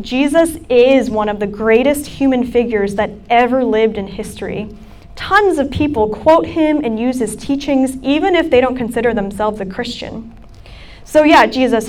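Young woman preaching to college kids, kinda high voice, super chatty with lots of likes and ums. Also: a little mellow. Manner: casual, chatty preaching with many fillers. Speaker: campus ministry speaker. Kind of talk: sermon talk.

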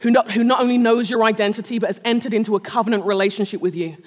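High-voiced woman preaching in a hall. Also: steady tone, racing. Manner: humorous, self-mocking storytelling, often laughing. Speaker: speaker at a Christian gathering. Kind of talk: sermon with personal story. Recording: long reverb of a large hall.

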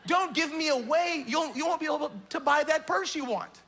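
A man's voice: extremely high pitch, moderate pace, a bit bright, pitched above the performer's own voice. A man voicing money as a nagging voice that pleads with its owner not to give it away. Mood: pleading. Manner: pleading, insistent.

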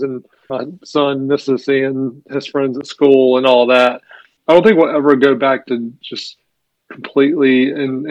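A man's voice: medium pitch, vocal fry, a little mellow, no room sound. A middle-aged man co-hosting a podcast in casual chat from a small room at home. He jokes dryly, then talks in an earnest, reflective way with restarts. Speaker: podcast co-host. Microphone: remote home setup. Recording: dull lo-fi remote audio.

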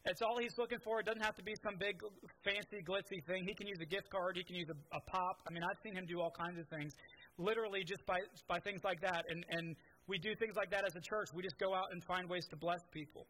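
A man's voice: high voice, fairly even intonation, quick pace, sharp tone, a little hiss or hum, poor audio. A man preaching a sermon, telling stories in a conversational way with many restarts. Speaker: pastor.

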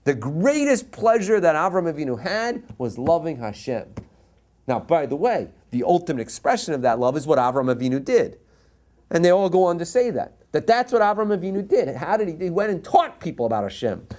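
Animated man giving an emphatic Torah lecture. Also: on the high side, fairly quick. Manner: emphatic, repeats key phrases, mixes in Hebrew quotes; passionate and jokey. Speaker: rabbi teaching a class. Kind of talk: Torah lecture to a live audience.

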